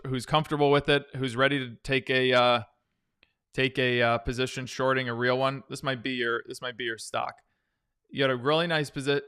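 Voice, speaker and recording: During a casual livestream, a male stock-trading host works loosely through viewer questions and chart analysis, frequently starting sentences over. He has a mid-range voice with a bright, forceful, clean tone.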